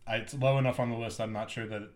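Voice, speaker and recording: Talking very fast with a medium pitch and fairly even intonation, this podcast co-host rambles through a casual, enthusiastic chat loaded with fillers. The room is echoey.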